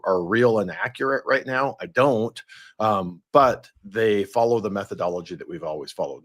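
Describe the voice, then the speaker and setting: A man co-hosting a live podcast, bluntly explaining jobs numbers and mortgage loans in casual commentary. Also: fairly low pitch. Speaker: mortgage lender, podcast co-host.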